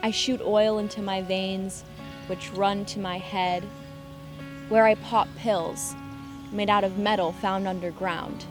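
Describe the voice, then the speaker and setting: An actress voices a brooding young woman with a mid-range voice who speaks her verses in a dry, deadpan way. Music plays under the film scene. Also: medium pitch, slow, close to an everyday voice. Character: young woman, moody, poetic, hard to comfort. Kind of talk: film dialogue, reciting a poem.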